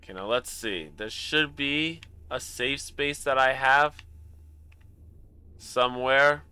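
A man's voice: medium pitch, takes it slowly, bright, forceful tone, smooth. A man streaming a video game, chatting casually and reading in-game notes aloud with animation. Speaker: gaming streamer. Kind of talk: casual gameplay commentary.

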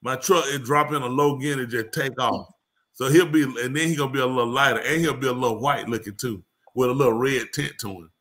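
A man's voice: medium pitch, fast talker, fairly bright tone. A man telling a rambling, slangy comic story to a live audience. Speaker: comedy show host.

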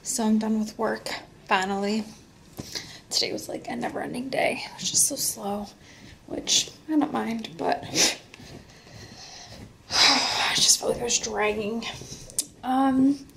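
A young woman vlogging at home in casual chat, out of breath and talking in a breathy half-whisper. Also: on the high side, steady tone, slow pace, pauses often, background noise. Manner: rambling, chatty.

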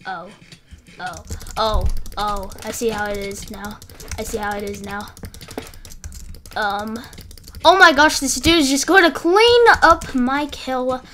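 Young female gamer, high-pitched and slow-talking, rambly flustered live commentary with faint keyboard clicks. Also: fairly bright tone, slight background noise. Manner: rambling, flustered, breaks off mid-sentence often. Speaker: gaming YouTuber.

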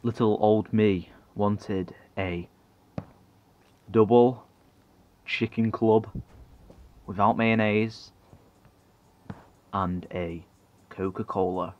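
A man's voice: fairly low pitch, steady tone, drawn-out words, long pauses, highs cut off. A man, telling a rambling comic story full of swearing and self-mockery.

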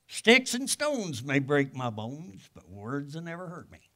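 An older man preaching a sermon in a folksy, homespun way. His voice sits a little high for a man, and he tells stories with plain, everyday grammar. He swings from loud bursts to quiet, hushed asides. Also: huge pitch swings, unhurried. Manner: colloquial grammar. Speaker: guest pastor.

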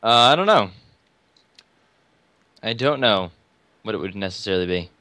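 A man's voice: on the low side, lively intonation, moderate pace, bright, forceful tone, no echo. A man chatting casually and joking with friends while playing an online game. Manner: laughing, joking banter. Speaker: gamer. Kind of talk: casual gaming chat.

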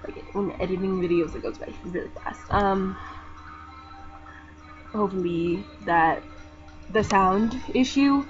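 A young woman chatting casually over gameplay, soft-spoken and rambling, with lots of fillers. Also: unhurried, pauses often. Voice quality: soft-spoken, talks low. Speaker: gaming vlogger. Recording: dull lo-fi mic with game music. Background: game music.

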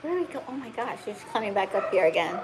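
A woman's voice: mid-range voice, big pitch swings, fast, very noisy. A middle-aged woman breeding huskies, chatting casually on a home vlog, laughing often and cooing at a wriggly puppy. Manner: giggly, fussing and cooing at the puppy. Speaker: husky breeder. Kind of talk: casual vlog chat while handling puppies. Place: home, indoors by a couch.

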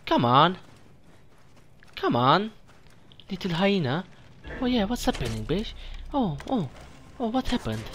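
A man's voice: sits high, big pitch swings, unhurried, pauses often, a bit bright, slight background noise. A man doing let's play commentary, taunting enemies and talking to himself as he plays. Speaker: gamer, let's play host. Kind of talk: gameplay commentary.

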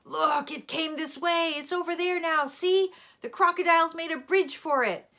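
A woman voicing an angry wild boar, shouting excitedly. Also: very high voice, moderate pace, pitched above the performer's own voice, heavily acted. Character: irate wild boar, shrill and loud.

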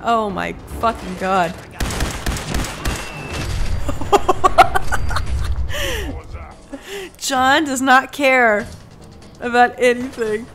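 A woman streaming a video game, chatting casually with viewers, sarcastic and profane, often breaking into loud laughter. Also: fairly high pitch, animated, extremely slow, pauses often, music in the background. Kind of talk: casual let's-play commentary.

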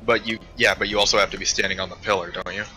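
Bright-voiced low man, hesitant gamer. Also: fairly even intonation, rapid-fire, faint music behind, poor audio. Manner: questioning, hesitant, swears a lot. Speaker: gamer streaming a raid. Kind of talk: casual team voice chat.

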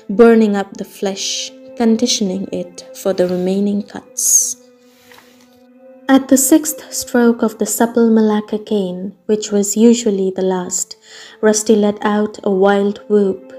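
Woman narrator for an audiobook, slow and measured, mellow voice. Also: mid-range voice. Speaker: storyteller. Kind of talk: audiobook reading. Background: soft ambient music.

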